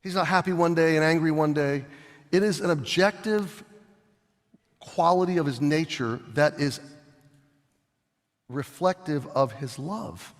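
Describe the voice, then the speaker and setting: High-voiced preacher guy, lively, acts stuff out, big reverby church sound. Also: measured pace, long pauses. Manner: animated preaching, acts out scenes, shifts loud and soft. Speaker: pastor. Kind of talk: sermon. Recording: long hall reverb.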